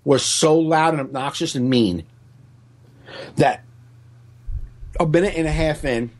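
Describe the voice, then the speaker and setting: A man's voice: fairly high pitch, unhurried. Profane storytelling comedian man. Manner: profane, animated, acts out other people's voices. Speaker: stand-up comedian. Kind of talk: casual podcast storytelling.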